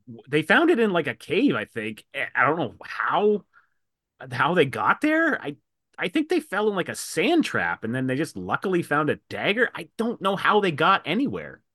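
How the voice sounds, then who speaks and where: Guy chatting about movies, bright voice, dry close sound, acts out the scenes. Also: a little high, normal speed, dry recording. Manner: animated storyteller, acts out lines from scenes. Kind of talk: casual podcast chat about movies.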